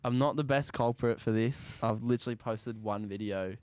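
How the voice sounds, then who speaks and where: A young Australian man, a musician guest, talking casually in an interview in a laid-back, soft-spoken way that often trails off. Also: medium pitch, normal speed, smooth.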